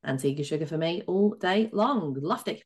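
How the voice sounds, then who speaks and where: Low-voiced woman hosting a betting podcast. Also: animated, a little mellow. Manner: brisk, runs through lists and hands over to guests. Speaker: podcast co-host. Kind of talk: betting preview chat.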